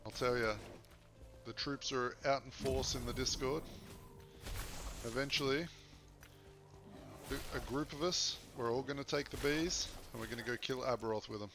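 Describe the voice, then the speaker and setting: A man's voice: mid-range voice, fairly even intonation, normal speed, pauses often, music in the background. A man casually chatting and joking with viewers during a game stream. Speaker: gaming streamer. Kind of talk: casual live-stream chat. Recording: noisy background.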